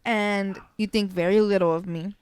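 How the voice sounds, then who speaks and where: A young woman co-hosting a casual podcast, telling stories in a chatty, animated way with plenty of swearing. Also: mid-range voice, normal speed, clear, resonant tone, dry recording. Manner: chatty, profane, animated storytelling. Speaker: podcast co-host.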